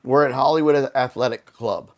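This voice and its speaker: A man as a podcast guest, telling animated anecdotes in casual talk, full of "like" and "you know". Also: medium pitch, normal speed. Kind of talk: casual storytelling.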